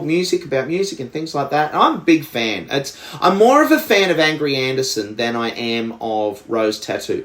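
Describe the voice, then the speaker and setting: A man's voice: medium pitch, reverberant. An Australian man co-hosting a podcast, telling a story in a rambling way with lots of restarts and fillers. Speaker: podcast co-host. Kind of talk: casual chat.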